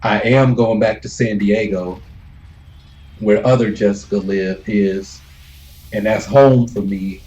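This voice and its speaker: A man's voice: lowish voice, steady tone, takes it slowly, a little mellow, poor audio. A man streaming a game and casually telling a story with loose, laid-back talk, swearing freely and chuckling between lines. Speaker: gaming streamer.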